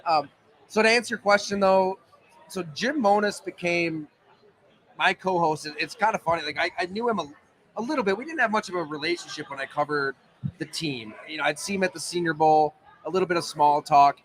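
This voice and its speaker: A man's voice: on the high side, fairly quick, a bit bright, poor audio. Chatty man telling stories live. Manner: chatty, tells stories with asides. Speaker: sports journalist guest. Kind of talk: casual chat. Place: pizza bar.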